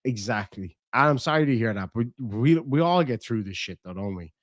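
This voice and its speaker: A man's voice: medium pitch, expressive, fairly quick, no room sound, clean studio sound. An Irish man hosting a livestream, chatting in a rambling, profane way and reading out viewer donations. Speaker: livestream host. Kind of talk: casual livestream chat.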